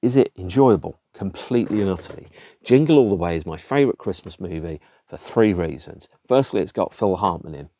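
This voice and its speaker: A man's voice: sits low, animated, fairly quick, dark tone. A man hosting a casual podcast, reviewing films in an exasperated, emphatic way with rhetorical questions and the odd swear word. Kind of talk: casual chatty film review.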